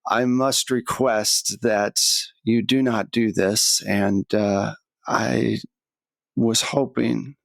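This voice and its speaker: A gaunt, gray-skinned otherworldly emissary speaks in a cold, courteous monotone, as a man puts him on at the game table. He talks slowly and evenly in a dry, close voice. His manners stay flat and unbothered. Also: on the low side, vocal fry, dry recording, exaggerated voice. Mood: cold, polite. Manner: flat monotone, coldly polite. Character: tall gaunt gray-skinned male servant of a god.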